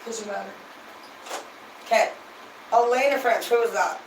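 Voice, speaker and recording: On a livestream, a tipsy woman rambles casually to her viewers, gushing and swearing without restraint. Her voice runs a bit high and a little slow, picked up by a distant mic in a roomy space with faint ambience and slight background noise.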